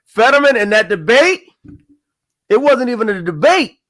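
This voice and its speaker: A man's voice: extremely high pitch, sing-song, normal speed, fairly bright tone. A man talking politics in a casual chat, stressing points by repeating them. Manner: emphatic, repeats phrases for stress.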